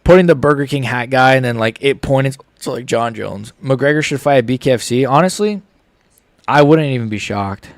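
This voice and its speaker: Young dude on a late night stream, hiccuping, chill slangy talk, dead dry mic. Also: male voice, medium pitch, normal speed, dry recording. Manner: reads chat aloud, laid-back slangy banter. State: has the hiccups. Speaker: streamer reacting live to fights. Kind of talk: casual live stream chat.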